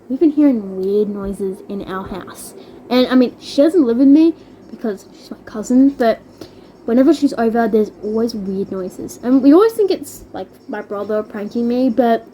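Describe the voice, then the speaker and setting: A woman's voice: fairly high pitch, animated, normal speed, mellow, a little hiss or hum. A young woman casually telling a ghost-hunt vlog, chatty and full of fillers. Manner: chatty, many fillers, shrieks when scared. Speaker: vlogger.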